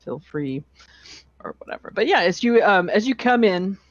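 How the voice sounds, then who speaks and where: A game master narrating a tabletop game in a relaxed, hesitant way, with many fillers. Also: mid-range voice, normal speed, dry recording. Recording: dull, slightly lo-fi online call audio.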